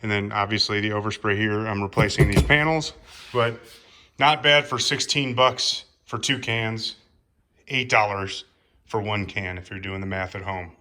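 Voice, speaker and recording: A man's voice: fairly low pitch, little pitch movement, moderate pace, bright, forceful tone. A young man vlogging about his car build in his garage, rambling and poking fun at himself as he talks to a phone. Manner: joking, self-mocking, rambling. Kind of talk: casual garage vlog.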